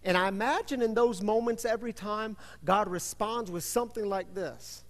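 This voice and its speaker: Male pastor, slightly high voice, animated storytelling sermon, long church reverb. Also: normal speed. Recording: reverberant hall.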